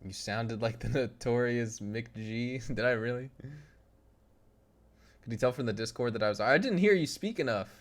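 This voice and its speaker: A young man streams a game live and chats easily with his viewers. He talks at an average pitch in a loose, bantering way. He laughs often as he answers comments from the chat. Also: normal speed. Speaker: gaming streamer.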